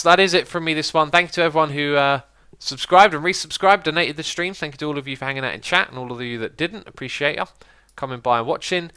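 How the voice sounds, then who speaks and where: A man hosting a gaming livestream in a casual, chatty way, reading viewer messages aloud and thinking out loud as he explains. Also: mid-range voice, clear, resonant tone. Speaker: livestream host.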